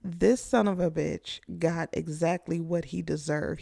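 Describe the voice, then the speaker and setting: A commentator giving angry commentary in a slow, blunt, profane way. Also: mid-range voice, steady tone, vocal fry, dark tone, no echo, studio quality.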